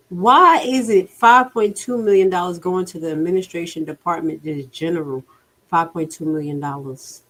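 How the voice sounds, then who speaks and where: A woman hosting a casual livestream, outspoken and exasperated, swearing and talking straight to her viewers. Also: sits low. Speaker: livestream host reviewing a township budget.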